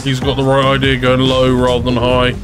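A man talking over his gameplay in a loose, excitable way, laughing as he goes. His voice sits at an ordinary middle pitch, and faint game music plays underneath. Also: fairly quick. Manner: chatty, excitable, laughs often. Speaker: gaming YouTuber. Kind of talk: casual gameplay commentary.

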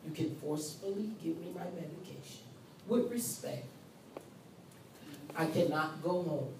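Slow, emphatic woman nursing lecturer. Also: deep voice, background noise. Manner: emphatic, repetitive, speaks as the patient in first person. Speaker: nursing instructor. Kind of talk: classroom lecture. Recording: roomy, far from mic, faint ambience.

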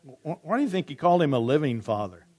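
A man preaching a sermon as pastor, reading scripture slowly and softly, then asking his congregation questions and answering back in a conversational way. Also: on the high side, very animated, slightly rough.

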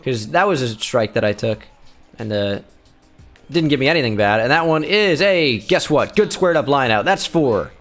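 A young man narrates his own baseball video game like a broadcaster, dry and sarcastic about every line out. His pitch sits right in the middle, with faint game music under his desk-mic voice. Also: normal speed. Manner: sarcastic play-by-play, shouting in bursts of excitement. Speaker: gaming YouTuber. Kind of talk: gameplay commentary.

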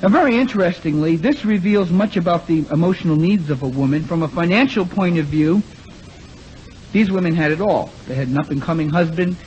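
A man's voice: fairly high pitch, fairly quick, a little mellow. A man giving a talk to a congregation, acting out the voices of the people he quotes and putting questions to the audience. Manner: acts out quoted speakers, asks the audience. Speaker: preacher. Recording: lo-fi recording with faint noise.

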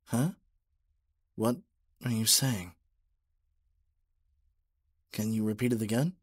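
Guy doing a clingy nervous stalker boyfriend, whispered role-play, slow, breathy, super close and dry. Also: fairly low pitch, no room sound. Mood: soothing. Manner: soft, stammering, pleading. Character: obsessive young male yandere stalker, nervous and clingy.

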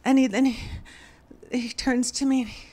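A woman comedian doing stand-up storytelling on a club stage, wry and deadpan, rising to exasperated bursts. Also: sits high, moderate pace, slight background noise. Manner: deadpan, wry delivery that rises to exasperated outbursts. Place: comedy club stage before a laughing audience.

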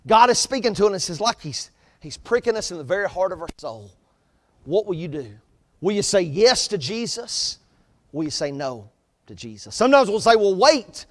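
A man preaching a sermon as pastor, pressing points with rising emphasis and letting line ends fall soft. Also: sits high, in a large hall. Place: church sanctuary.

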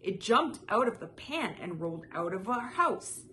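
A woman's voice: mid-range voice, big pitch swings, a little slow, pushed and bright, slight background noise. Woman doing a earnest little boy. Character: youngest son, earnest boy.

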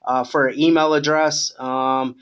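A middle-aged man with a voice of ordinary pitch coaches a new sales agent. He talks in a relaxed, encouraging way, giving feedback with many pauses and fillers. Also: clear, resonant tone, muffled recording. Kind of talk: coaching call.

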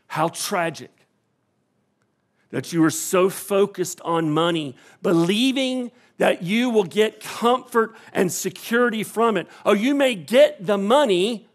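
A man preaching a sermon as pastor in a church, swinging from hushed, soft passages to loud, emphatic ones. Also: high voice, slow pace. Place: church sanctuary.

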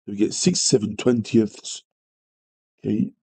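A man's voice: lowish voice, fairly even intonation, a little slow, mellow, breathy edge, rough recording. A man teaching a live maths revision lesson, greeting viewers and apologising often as he works through problems. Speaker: maths tutor.

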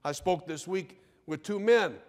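A man preaching a sermon from the pulpit, his voice sitting fairly high for a man. He slows down and presses on key phrases for emphasis. The sound rings out with a long reverb through the church sanctuary. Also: darkish tone. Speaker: pastor.

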